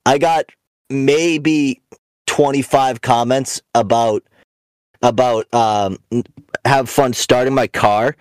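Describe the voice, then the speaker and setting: A man's voice: mid-range voice, fairly even intonation, slow, long pauses, dry recording. A young adult man hosting a podcast in casual chat, a profane, rambling storyteller who mocks and rants. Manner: mocking, ranting. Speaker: podcast host.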